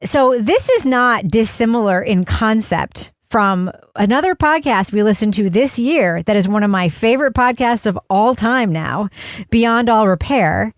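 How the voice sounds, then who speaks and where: A woman's voice: a little high, animated, measured pace, dry recording, studio quality. A woman hosting a podcast in casual chat, talking in a rambling, chatty way with many restarts. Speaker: podcast host.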